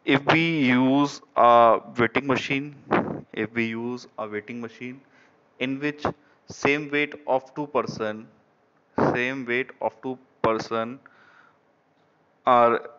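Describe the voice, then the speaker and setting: A man with an Indian English accent giving an online engineering lecture, halting and repeating phrases, often saying "okay". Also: medium pitch, a bit bright, clear, resonant tone. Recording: dull lo-fi recording.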